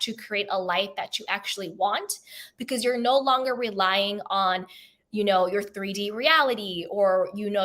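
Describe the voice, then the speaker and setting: A woman's voice: medium pitch, fairly bright tone. A woman self-help coach giving an emphatic, conversational motivational talk straight to camera, repeating her key points.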